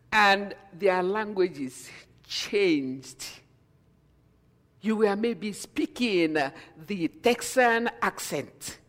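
Man, pastor preaching, slow deliberate delivery, long church reverb. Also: high-pitched. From Nigeria. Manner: storytelling, swings between hushed and emphatic. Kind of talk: sermon.

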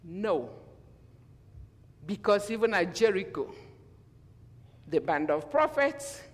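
A man preaching a sermon in a church, animated and acting out quotes in different voices, often asking the congregation questions. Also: sits high, slow. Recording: long hall reverb.

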